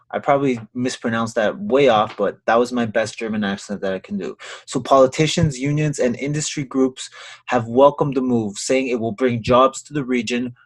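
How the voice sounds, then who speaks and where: A man from Canada giving casual commentary on a news article, talking to his viewers in a chatty way. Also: medium pitch. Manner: chatty, asks viewers to like and subscribe. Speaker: YouTube commentator.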